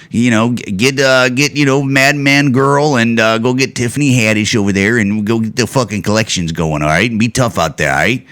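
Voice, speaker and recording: A man in mid-range voice talks through a solo podcast, going off in a loose, sarcastic rant full of cursing. When something gets to him, his voice jumps up high and loud. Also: a little fast, hardly any pauses. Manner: profane, ranting, sarcastic; swings to loud, high-pitched outbursts when worked up. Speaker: podcast host.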